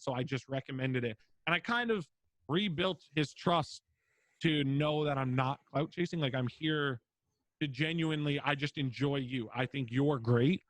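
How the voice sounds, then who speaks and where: A man's voice: on the high side, a bit bright, dry recording. A young man, a streamer guest on a podcast interview, talking casually with lots of fillers and free swearing. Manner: rambling, filler-heavy, swears freely.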